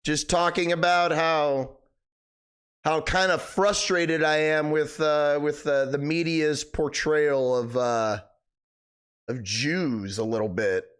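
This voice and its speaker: A man's voice: on the high side, fairly even intonation, takes it slowly, a bit bright, clean tone. A young man hosting a live stream, chatting casually and rambling, swearing a lot, his voice cracking. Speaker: livestream host.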